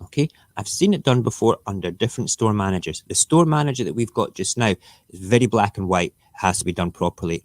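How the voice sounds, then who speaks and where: A man's voice: fairly low pitch, a little mellow, no echo, studio quality. A man who hosts a casual morning live stream, ranting emphatically and sarcastically. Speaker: live-stream show host.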